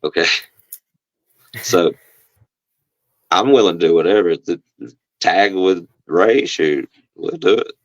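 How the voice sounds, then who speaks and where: A man, a professional wrestler, talking casually in an interview and telling stories in a relaxed way, acting out other people's voices. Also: low-pitched, slow pace, long pauses, dry recording, dull audio. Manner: relaxed storyteller, acts out the other voices in quotes.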